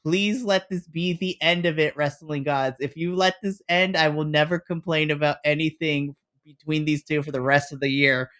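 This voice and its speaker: A man co-hosting a wrestling review podcast, retelling a storyline in an exasperated, animated way with mock dialogue. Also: fairly high pitch, moderate pace. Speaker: podcast co-host. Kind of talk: casual wrestling review chat.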